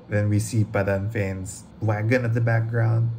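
Low-ish voiced guy gushing over a trailer, swears a lot, noisy mic. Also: a little slow. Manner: gushing, excitable, swears freely, rambles. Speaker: reaction video host. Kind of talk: casual trailer reaction.

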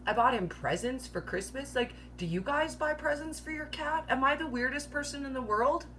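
A woman's voice: high voice, moderate pace, a bit bright, a little hiss or hum. A woman hosts a casual live-stream chat, rambling through playful jokes and breaking into giggles at her own humor. She peppers her speech with 'like' and keeps a light, teasing tone. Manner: joking, chatty, laughs often at her own jokes; filler-heavy, says 'like' constantly. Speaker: host of a live keto Q&A.

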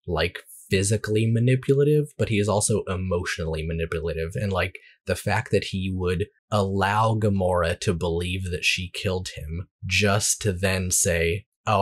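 A man co-hosting a podcast, reviewing a movie in casual chat, rambling with lots of restarts and fillers. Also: sits low. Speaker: podcast co-host.

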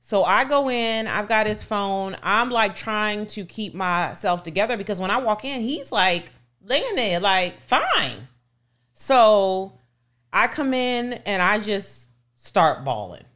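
A woman's voice: mid-range voice, lively intonation, slow, fairly bright tone. A middle-aged woman co-hosting a podcast, animatedly retelling a story and acting out the voices of people in it. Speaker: podcast co-host. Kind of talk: casual storytelling chat.

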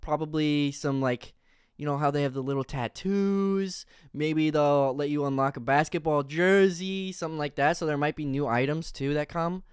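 A young man reacting live on a stream, excitable and rambling, out of breath with enthusiasm and breaking into loud bursts. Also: fairly high pitch, moderate pace, clean tone, dry recording, clean studio sound.

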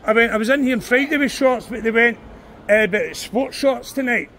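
Outdoors on a city street at night, an older man with a Glaswegian Scottish accent vlogs on his phone outside a club, arguing and swearing in a rambling, confrontational way. His voice is very high-pitched, pushed and bright, at a fairly quick pace.

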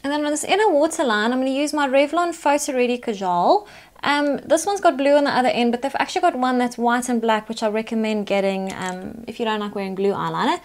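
High-voiced woman explaining makeup. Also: fast talker. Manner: chatty, instructive, talks through each step. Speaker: makeup tutorial host. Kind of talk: step-by-step makeup tutorial narration.

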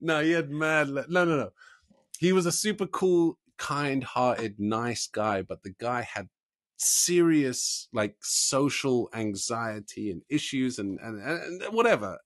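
A man's voice: mid-range voice, lively intonation, no room sound. Man, podcast host, rambling casual storyteller, dry close recording. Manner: rambling, backtracking storyteller, quick to laugh along.

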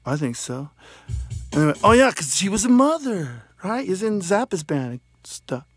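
A man's voice: high voice, very animated, moderate pace, husky, soft background music. Goofy rambling man vlogging by phone. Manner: goofy, rambling, silly shout-outs. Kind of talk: rambling comedic vlog.

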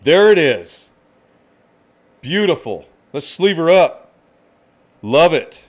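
A man hosting a live card-break stream, excitedly calling out each card and greeting viewers by name. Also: on the high side, slow pace.

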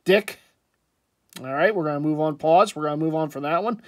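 A man's voice: a little high, brisk, long pauses. A man casually commenting on sports jerseys in a chatty, rambling way, with jokey asides. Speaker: sports jersey collector vlogger.

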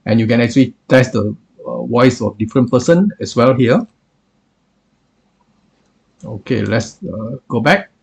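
A man reviewing software in a screen-recorded tutorial, explaining with many hesitations and filler phrases. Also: mid-range voice, vocal fry, breathy edge.

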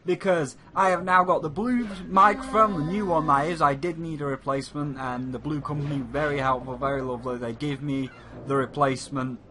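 Speaking briskly with a steady tone in a voice on the high side, a man hosts a let's play, chatting and joking through the gameplay. He uses a USB condenser mic with a pop filter, and a crowd can be heard in the background.

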